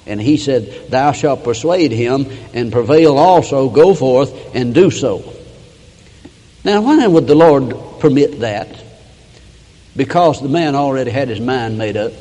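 A man preaching a sermon, reading old scripture verses aloud and breaking in with plain explanations, rising and slowing down for emphasis. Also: mid-range voice, dark tone, long reverb tail. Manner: reads King James verses, then breaks in with plain asides; rises and slows for emphasis, acts out quoted voices.

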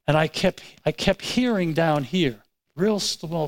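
Animated man preaching a personal story. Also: on the high side, normal speed, vocal fry, low-quality recording. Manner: animated storytelling, acts out his own quoted words. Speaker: pastor. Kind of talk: sermon.

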